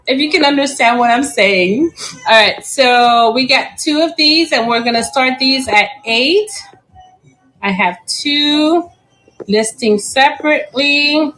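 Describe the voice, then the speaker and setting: A woman's voice: high-pitched, takes it slowly, long pauses, a bit bright, faint music behind, rough recording. A middle-aged woman hosting a casual live plant sale. She chats, giggles often and stumbles over plant names, sometimes spelling them out. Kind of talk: casual live-auction chat.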